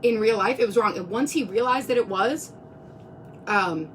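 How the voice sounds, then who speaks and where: A woman's voice: on the high side, moderate pace, distant mic, a little hiss or hum. Earnest, rambling woman on a phone live stream. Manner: earnest, rambling, many restarts. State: close to tears. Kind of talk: emotional live-stream monologue.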